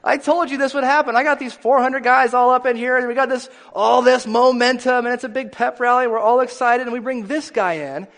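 A man's voice: sits high, moderate pace. A man putting on an indignant boastful old king. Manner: loud, indignant, excitable. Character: boastful exasperated ancient male king. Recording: long hall reverb.

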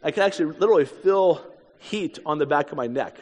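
A man's voice: fairly high pitch, expressive, a little fast. A man in his fifties from the United States, telling a story in a sermon with casual, self-deprecating asides. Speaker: preacher. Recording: echoey hall.

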